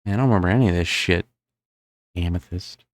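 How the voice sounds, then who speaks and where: A man's voice: low voice, fast talker, no echo, clean studio sound. A young man with a New Jersey accent doing live-stream gameplay commentary, rambling and thinking aloud with lots of fillers.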